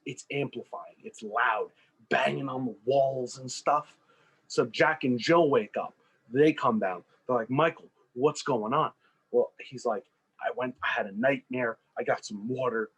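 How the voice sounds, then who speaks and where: A podcast co-host with a mid-range, breathy-edged voice narrates a made-up movie plot in casual storytelling fashion. He animatedly plays out the characters' lines, and the recording is rough.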